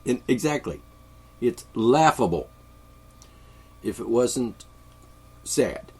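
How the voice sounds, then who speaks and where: A man's voice: mid-range voice, lively intonation, slow, darkish tone, husky. A man with congested sinuses, delivering a sarcastic, rambling political monologue from his studio. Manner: sarcastic, mocking, chuckling. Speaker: podcast host. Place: home studio.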